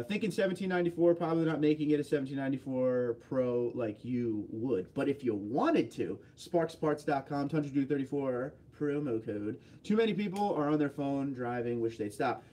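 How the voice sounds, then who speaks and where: A man's voice: mid-range voice, lively intonation, moderate pace, few pauses, dark tone. A man hosting a casual livestream, reading viewer comments aloud and answering them offhandedly. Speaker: livestream host.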